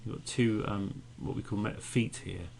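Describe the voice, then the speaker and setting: Gravelly-voiced male teacher explaining poetry. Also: lowish voice, fairly even intonation, normal speed, background noise. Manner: explains patiently, beats out stresses aloud. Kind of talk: recorded poetry lesson podcast.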